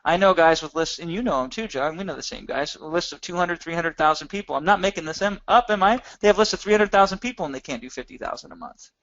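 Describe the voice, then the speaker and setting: A man's voice: high voice, quick pace, hardly any pauses, a bit bright, dry recording, highs cut off. A man teaching a recorded training session, talking emphatically and asking many rhetorical questions. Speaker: course instructor.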